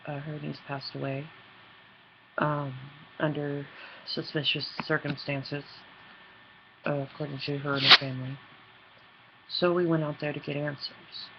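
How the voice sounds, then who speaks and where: This is a woman with a gravelly, creaky voice, talking in an earnest, halting way about her investigations as a personal video diary. She stumbles and restarts often. The sound is dull and lo-fi, with a faint hiss behind her. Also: low voice, level tone. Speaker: paranormal investigator and team leader.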